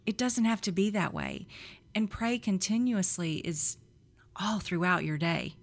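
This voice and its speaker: A middle-aged woman co-hosting a faith podcast, telling lively stories, laughing often and acting out quotes. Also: mid-range voice, measured pace. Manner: animated storyteller, laughs often, acts out quotes.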